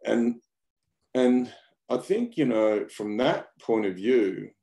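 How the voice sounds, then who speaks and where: A man's voice: mid-range voice, lively intonation, takes it slowly, gravelly, warm tone. An Australian man talking in a casual interview, rambling and blunt, often repeating his words and using slang. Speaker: interview guest. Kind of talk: casual conversation.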